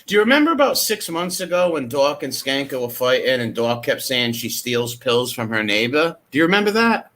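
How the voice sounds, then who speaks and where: A man streaming, commenting on footage in a casual, excitable way and swearing freely. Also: mid-range voice, brisk, hardly any pauses.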